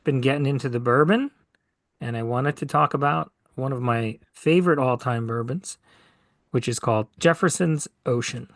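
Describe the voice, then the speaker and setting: A man's voice: mid-range voice, moderate pace, no room sound. A man co-hosting a casual podcast, trading dry wisecracks. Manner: dry wisecracks, reads ad-like copy aloud. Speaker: podcast co-host.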